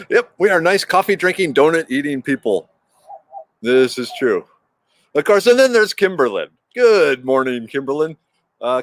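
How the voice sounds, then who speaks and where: Man, livestream host, casual rambling chat, mid pitch, frequent restarts. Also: no echo. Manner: rambling, restarts often, greets chat viewers by name.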